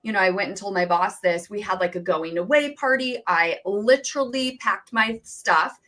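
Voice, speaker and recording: A woman who is a business coach, telling her story as an interview guest in an animated way and acting out quoted dialogue. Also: medium pitch, normal speed.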